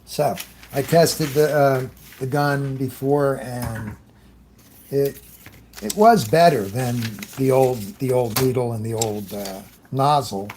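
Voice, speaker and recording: A man's voice: medium pitch, slow, a little mellow, a little hiss or hum. A man hosting a live airbrush demonstration, chatting loosely as he works, greeting viewers and often trailing off mid-thought. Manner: talks while working, trailing off often. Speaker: airbrush artist hosting a livestream.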